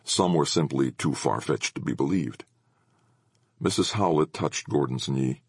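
A man narrating an audiobook with expressive storytelling. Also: extremely low pitch, a little slow, slightly rough, dry recording, clean studio sound.

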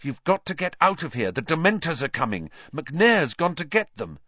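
A brave teenage boy presses his friends on in an urgent, higher voice, as a man puts him on. It sounds dry and somewhat muffled. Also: big pitch swings, normal speed, sharp tone, no room sound, full character voice. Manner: urgent, breathless, commanding.

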